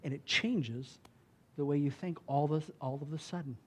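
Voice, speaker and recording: A man with a noticeably high voice delivers a sermon as a pastor. His preaching is casual and conversational, full of "like" and "right?". When he reads scripture aloud, he punches it out loudly and with emphasis. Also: moderate pace, breathy edge. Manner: loud emphatic bursts when reading scripture.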